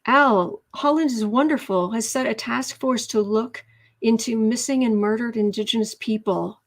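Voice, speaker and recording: Woman, fairly high voice, tarot livestream host, talkative and overheated, casual home setup. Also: moderate pace. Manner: chatty, reads viewer comments aloud, stumbles and restarts. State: overheated and sweaty. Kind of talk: casual live-stream chat. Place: indoor room at home.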